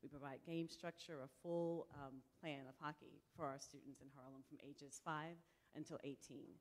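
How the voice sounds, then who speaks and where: A woman's voice: sits low, fairly even intonation, moderate pace. A woman, director of a nonprofit, giving earnest, direct testimony at a public hearing. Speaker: executive director of a youth nonprofit.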